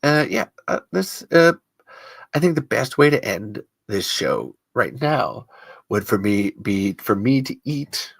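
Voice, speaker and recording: A man hosts a casual podcast and rambles along with self-mocking jokes. His voice sits at a middling pitch and moves about in a lively way. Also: takes it slowly, gravelly, husky, no echo. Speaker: podcast host.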